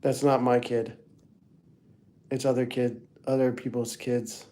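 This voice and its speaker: Rambling middle-aged man, mellow voice. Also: medium pitch, flat delivery, measured pace. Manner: rambling, talks to chat viewers by name. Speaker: livestream host. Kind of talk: casual livestream chat.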